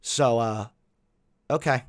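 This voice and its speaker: A man's voice: medium pitch, takes it slowly, dry recording, clean studio sound. A man giving sarcastic, exasperated commentary while reacting to clips.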